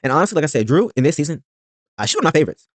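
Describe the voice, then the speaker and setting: A man's voice: on the high side, very animated, rapid-fire, no echo. A man hosting a reaction video, recapping a reality show in a rambling, blunt and profane way.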